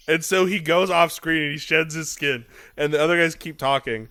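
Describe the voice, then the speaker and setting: Bright-voiced enthusiastic male podcast co-host. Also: on the high side, normal speed, no room sound. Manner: enthusiastic storyteller, lots of ums and dudes. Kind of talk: casual chat.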